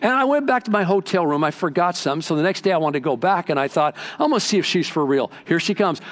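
A man preaching a sermon as pastor, telling stories and acting out quotes with lively swings in his voice. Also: high-pitched, fast talker, hardly any pauses. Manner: animated storytelling with acted-out quotes. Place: church sanctuary.

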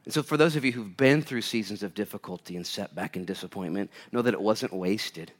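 A man preaching a sermon as pastor to a live audience, swinging between loud urgent bursts and hushed quiet lines. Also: fairly low pitch, fairly quick.

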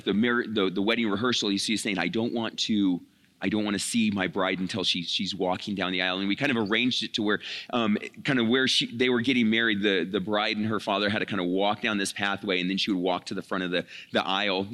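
Young male youth pastor, casual storytelling sermon, halting and chatty. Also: mid-range voice, bright, forceful tone. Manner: storytelling, conversational, many restarts and fillers.

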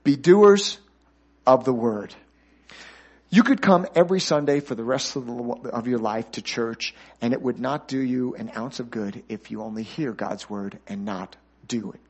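A middle-aged man preaching a sermon as guest pastor, calling out to the congregation and dropping to a soft voice at key points. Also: medium pitch, moderate pace, husky. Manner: animated, calls for congregation responses.

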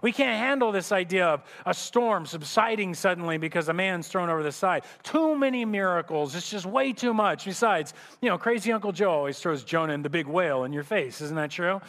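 A man's voice: high-pitched, lively intonation, a little fast, few pauses, fairly bright tone. A male pastor preaching a sermon, telling a story vividly and often restarting his phrases. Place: church sanctuary. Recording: echoey church hall reverb.

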